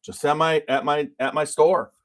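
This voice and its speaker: A man's voice: fairly high pitch, level tone, normal speed. A man hosting a casual bourbon tasting chat, telling stories in a loose, rambling way. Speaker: whiskey reviewer, show host.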